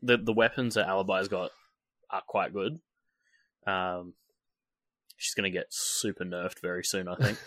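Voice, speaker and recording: A man's voice: deep voice, steady tone, unhurried, long pauses, a bit bright, no echo. A man co-hosting a casual gaming podcast, often stammering, restarting and swearing casually. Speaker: podcast co-host.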